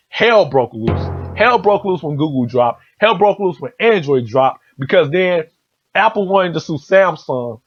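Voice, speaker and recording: A man's voice: high voice, breathy edge. A man hosting a solo podcast, ranting heatedly with lots of profanity and repetition. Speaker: podcast host. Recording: dull lo-fi podcast audio.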